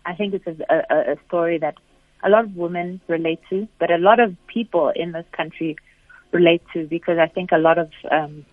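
A woman speaks in an earnest, reflective way, pausing often to choose her words. Her voice comes through a thin, phone-like line with no room sound. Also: fairly low pitch, dry recording. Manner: thoughtful, hesitant, earnest. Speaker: guest musician. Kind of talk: reflective interview answers.

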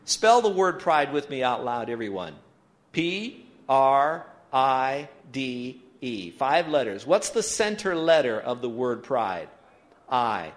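A man's voice: mid-range voice, very animated, measured pace. A pastor giving an emphatic sermon, leading his congregation in reading aloud together. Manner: emphatic preaching, leads the congregation in call-and-response reading. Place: church sanctuary.

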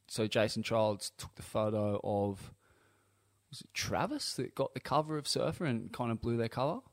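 A man hosts a podcast with a mid-pitched voice. He asks questions in a relaxed, conversational way and keeps the guest talking with short prompts. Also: moderate pace. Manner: easygoing, prompting with short interjections. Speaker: podcast host. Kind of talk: casual interview.

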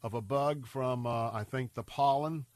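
A man's voice: mid-range voice, a little slow, darkish tone, dry recording. A man hosting a radio show, making an urgent fundraising appeal in an earnest, pleading way, his voice a little scratchy and congested. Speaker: radio host.

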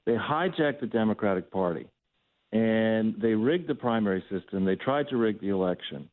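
A man's voice: on the low side, lively intonation, normal speed. A man calling in as a talk radio guest, talking in a roundabout way with frequent fillers. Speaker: phone-in guest. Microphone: telephone. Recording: tinny phone line.

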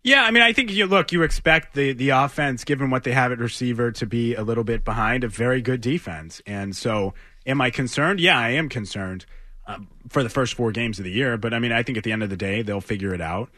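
A man's voice: mid-range voice, a little fast, sharp tone, no room sound, clean studio sound. A man co-hosting sports talk radio, arguing his points in an emphatic way. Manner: emphatic, argumentative.

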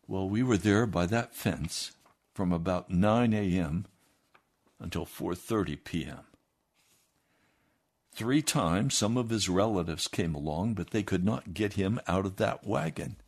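A man reading a first-person memoir aloud in a steady storytelling manner. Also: low voice, unhurried. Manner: steady storytelling with lively acted quotes. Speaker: reader.

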